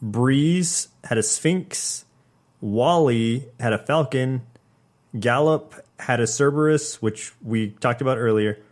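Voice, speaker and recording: A man co-hosting a podcast in casual chat, calmly recounting scenes and reading off details. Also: mid-range voice, slow. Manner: relaxed, listing details from notes. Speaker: podcast co-host.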